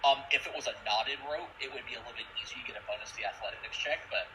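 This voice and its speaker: A man's voice: mid-range voice, very fast, noisy background. A young man running a tabletop game as game master, jokey and casual as he explains the rules.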